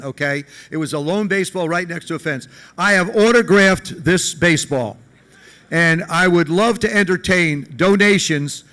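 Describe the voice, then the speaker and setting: A high, bright-voiced man speaks folksy and emphatic from a banquet stage, circling back over his words as he goes. He gives advice and then runs a charity auction, lively and plainspoken. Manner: folksy, emphatic, repeats himself. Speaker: guest speaker. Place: large banquet hall event.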